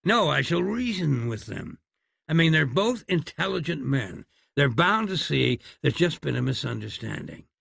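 A man's voice: a little high, very animated, moderate pace, vocal fry, fairly bright tone, slightly rough, dry recording, studio quality, exaggerated voice. A man voicing an exasperated, well-spoken young hero who talks with indignant precision in a storybook reading.

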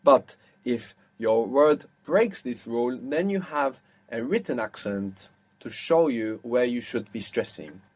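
A man teaching a language lesson to a single student. He explains patiently, step by step, and stops to quiz her. His voice sits at an ordinary middle pitch. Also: lively intonation, a little slow, few pauses, breathy edge.

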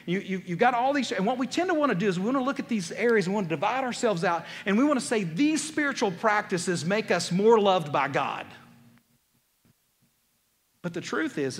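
A man preaching a sermon as a pastor, swinging between loud emphatic lines and quiet, low ones. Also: big-room sound.

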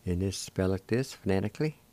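A radio language program host with a Cherokee accent gives a slow, deliberate pronunciation lesson, spelling words letter by letter and pronouncing each syllable. His low, dark-toned voice is expressive, with no room sound.

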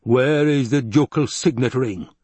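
A man's voice: medium pitch, measured pace, darkish tone, breathy edge, no echo. A man voicing a cruel, imperious fat baron who snaps out demands and questions. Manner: snappish and demanding.

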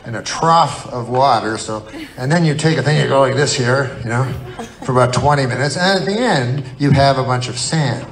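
The recording is rough, capturing a man doing stand-up at a live venue with crowd laughter in the background. He tells rambling, profane stories conversationally, his mid-range voice moving at a moderate pace.

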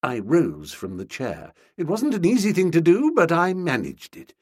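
Expressive, husky male audiobook narrator. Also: fairly high pitch, normal speed, dry recording, studio quality. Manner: expressive, comic storytelling. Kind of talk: scripted narration.

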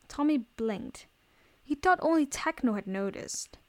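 A woman reading fan fiction aloud in a steady storytelling voice. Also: high voice, a little slow. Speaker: reader.

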